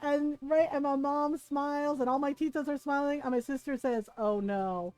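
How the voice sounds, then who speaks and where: A woman's voice: sits high, normal speed, no echo. A woman streamer chatting casually as she tells a long story, often checking in with "right?". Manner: lively storyteller who keeps asking "right?".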